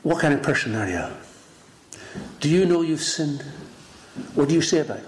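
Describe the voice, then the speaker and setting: A man preaching a sermon in an emphatic, dramatic style, swinging between loud rises and hushed lines. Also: a little high, expressive, moderate pace. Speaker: pastor. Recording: echoey room with faint noise.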